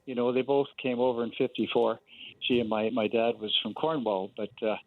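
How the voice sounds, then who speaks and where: A man's voice: mid-range voice, steady tone, a little fast, dry recording. A man calling in to a radio show, telling a story in a chatty, folksy way. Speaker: caller. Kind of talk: phone call to radio show. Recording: dry, narrow phone line.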